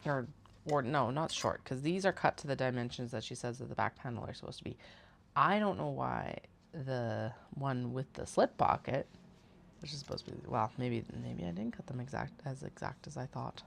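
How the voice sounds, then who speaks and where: Lady with a low gravelly voice rambling thru a sewing stream, laughs at her own mistakes. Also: moderate pace, slight background noise. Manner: chatty, thinks aloud, self-mocking. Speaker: host, bag maker. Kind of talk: casual livestream chat while sewing.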